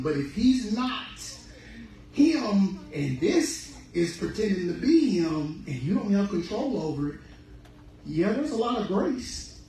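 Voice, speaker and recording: Echoey animated man preaching health. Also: high-pitched, a little hiss or hum. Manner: preachy and animated, acts out voices. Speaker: speaker on fruitarian health. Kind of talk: sermon-style health talk. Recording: very echoey room, from far off.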